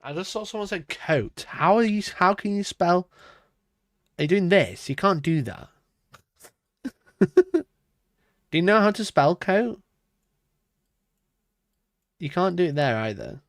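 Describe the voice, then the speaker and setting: A man's voice: high-pitched, lively intonation, unhurried, pauses often, a bit bright, dry recording, studio quality. A man streaming live as he works through a word puzzle. He talks to himself and to his chat, laughs often, mocks himself and swears.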